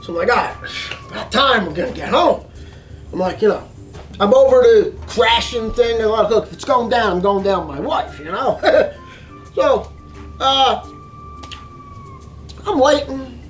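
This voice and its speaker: A man telling a story in an excitable way, acting out voices and reactions. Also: very high-pitched, a little slow, pauses often, soft background music. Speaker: vlogger telling a travel story. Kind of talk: animated storytelling monologue.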